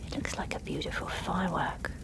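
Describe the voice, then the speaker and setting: A woman's voice: brisk, whispered, lightly acted. A woman voicing a sulky, skeptical schoolboy in a raised voice. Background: music.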